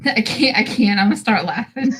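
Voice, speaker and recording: A woman joins a podcast as a guest, laughing easily as she talks. Her voice has a husky edge. She is quick to tease the host and correct him. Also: a little high, poor audio. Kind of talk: casual podcast chat.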